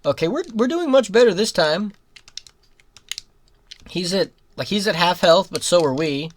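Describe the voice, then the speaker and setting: A young adult giving rambling let's-play commentary, breaking into giggles and sudden loud outbursts at the game. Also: medium pitch, expressive, a little slow, a little hiss or hum. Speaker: gaming commentator.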